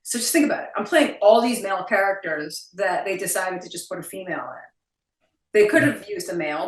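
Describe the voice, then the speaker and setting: Over a video call, an actress in her forties with a New Jersey accent chats casually as an interview guest, blunt, animated and very profane. She speaks in a mid-range voice from far off the mic, so the sound is roomy.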